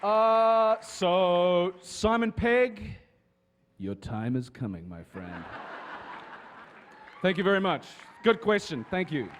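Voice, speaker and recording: A man telling casual, lively anecdotes to an audience as a guest on a convention panel. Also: high-pitched, slow, pauses often, a faint crowd, slight background noise. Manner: lively storyteller with restarts and swearing.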